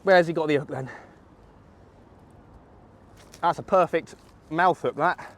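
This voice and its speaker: Young man, from England, angling vlogger, outdoors, chatty explainer, slightly high voice. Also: normal speed, fairly bright tone. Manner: chatty, explains each step to viewers. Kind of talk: fishing vlog commentary. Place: outdoors by a river.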